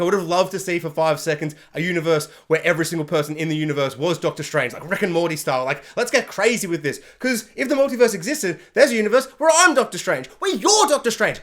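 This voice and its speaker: A man rambling excitedly through a casual film review, acting out quotes and laughing along the way. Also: high-pitched.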